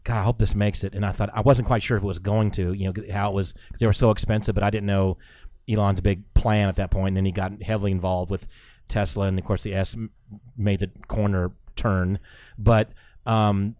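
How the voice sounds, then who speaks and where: A man co-hosting a podcast, telling an excitable, animated story in casual chat on a close mic. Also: on the low side, fairly quick, no room sound. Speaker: podcast co-host.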